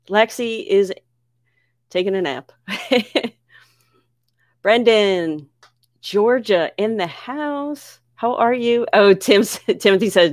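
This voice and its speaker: A woman from the United States hosting a casual livestream, reading viewer comments aloud and answering questions in an excitable, chatty way. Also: medium pitch, takes it slowly, long pauses, dry recording, clean studio sound. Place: home near Philadelphia.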